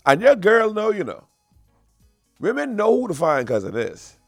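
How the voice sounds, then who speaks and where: A young man doing a stand-up comedy routine, animated and slangy, on a stage microphone. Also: high voice, normal speed, gravelly, dry recording, clean studio sound, soft background music. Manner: animated, repetitive, slangy storytelling.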